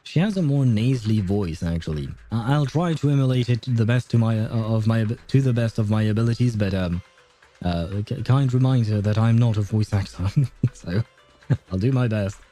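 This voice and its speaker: A male streamer chatting casually over gameplay. His voice is very dark and mellow. He rambles, corrects himself mid-sentence and laughs often. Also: on the low side, moderate pace, faint music behind.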